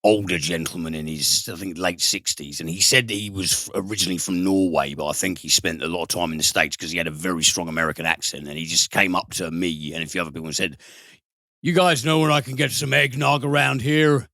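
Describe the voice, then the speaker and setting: A man's voice: low-pitched, fairly even intonation, quick pace, hardly any pauses, bright, forceful tone, dry recording. A man co-hosting a podcast, telling rambling stories with restarts. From United Kingdom. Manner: rambling storyteller with restarts and laughs. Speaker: podcast co-host. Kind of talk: casual chat.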